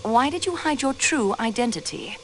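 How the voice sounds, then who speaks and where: A woman voices the player's investigator in an adventure game, a railway clerk who questions suspects politely but pointedly. Her mid-pitched voice is very lively in its melody, and a faint hiss sits under it. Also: normal speed, lightly acted, poor audio. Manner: polite, probing, with French courtesies. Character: young woman railway clerk acting as detective. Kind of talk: voice acting in a video game.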